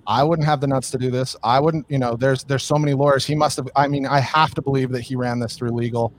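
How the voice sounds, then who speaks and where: A man's voice: medium pitch, steady tone, quick pace, slight background noise. A man co-hosting a podcast, talking in casual chat with lots of hesitations and restarts. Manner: hesitant, frequent restarts and fillers. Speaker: podcast co-host.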